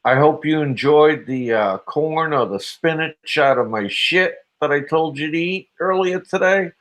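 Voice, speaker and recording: A man's voice: a little high, animated, a little slow, a bit bright, low-quality recording. A man hosting a live stream, crude and profane, mocking people and laughing often. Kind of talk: casual live stream chat.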